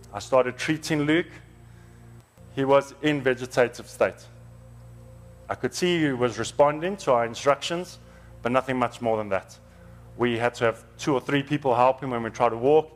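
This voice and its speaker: A man preaches in a church, telling testimony stories in an earnest, conversational tone. His voice sits at an ordinary pitch and turns emotional as he speaks, with soft music faintly underneath. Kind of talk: storytelling sermon.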